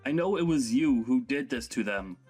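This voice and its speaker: A man's voice: medium pitch, expressive, normal speed, darkish tone, soft background music, lightly acted. A man voicing a grown son who scolds his overbearing mother in an exasperated way. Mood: scolding.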